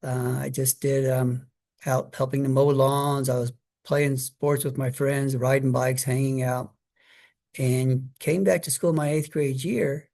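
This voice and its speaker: A middle-aged man tells a childhood story in a relaxed, conversational way, with plenty of fillers and restarts along the way. His voice sits at an ordinary, medium pitch, and he slips briefly into higher quoted voices. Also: unhurried, creaky. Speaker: guest speaker. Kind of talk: personal story told to an audience.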